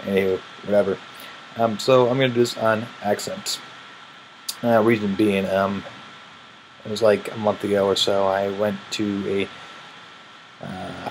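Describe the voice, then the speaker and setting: A tired man with a Midwestern American accent and a fairly low voice. He rambles in a loose, casual way and yawns between words. A faint hiss runs under the recording. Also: poor audio. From Illinois, raised in Missouri. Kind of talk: casual vlog, answering questions.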